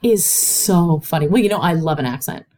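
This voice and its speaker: A woman from the US Midwest with a Chicago-tinged Midwestern accent and a slightly nasal voice, telling stories in an animated, laughing way on a podcast. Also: sits low, normal speed. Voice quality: a little nasal. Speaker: interviewer, host's sister. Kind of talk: casual podcast storytelling.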